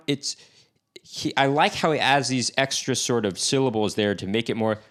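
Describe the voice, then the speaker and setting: A man with a fairly low voice talks about music in a relaxed, unhurried way. He pauses on fillers and sometimes hums a phrase to make his point. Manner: relaxed, with fillers, hums short bits of melody. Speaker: music reaction host. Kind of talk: casual chat.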